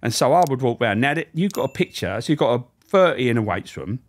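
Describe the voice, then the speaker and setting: A man's voice: medium pitch, big pitch swings, quick pace. A middle-aged man, a podcast guest telling funny, sweary stories about his prison days and acting out the voices. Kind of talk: casual storytelling chat.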